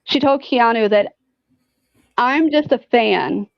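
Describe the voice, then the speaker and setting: Woman guest, high voice, animated and swearing, dull lo-fi dry recording. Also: slow pace, vocal fry, no room sound. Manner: animated, profane, heavy use of "like". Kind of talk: casual storytelling chat.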